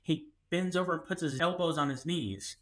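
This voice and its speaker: A man, co-hosting a podcast and telling a story in an animated way, acting out what people said. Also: fairly high pitch, moderate pace. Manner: animated, acts out quotes, many restarts. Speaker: podcast co-host. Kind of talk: casual storytelling.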